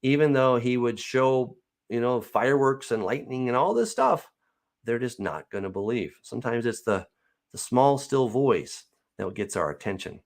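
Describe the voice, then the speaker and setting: Male Bible teacher, mid-range voice, reads the text then riffs on it conversationally. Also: medium pitch. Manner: reads scripture aloud, then explains it in a lively, chatty way with light laughs. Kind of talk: casual verse-by-verse Bible teaching.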